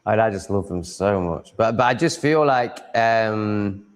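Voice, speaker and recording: Man, lowish voice, casual live-stream chat, rambling, swears a lot, restarts sentences. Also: expressive, measured pace, clear, resonant tone. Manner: rambling, profane, stumbling restarts, chuckling. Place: at home with cats on his lap.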